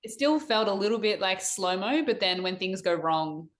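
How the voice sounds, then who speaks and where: A woman's voice: medium pitch, expressive, moderate pace. A young woman, a guest on a podcast, plainly explaining technical sailing details. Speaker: guest, elite sailor. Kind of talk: casual interview chat.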